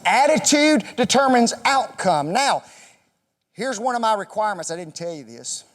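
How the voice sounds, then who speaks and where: A man's voice: high-pitched, big pitch swings, moderate pace, fairly bright tone. A man teaching an interactive Bible class in a church classroom, quizzing the group with questions and joking with them. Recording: echoey hall reverb.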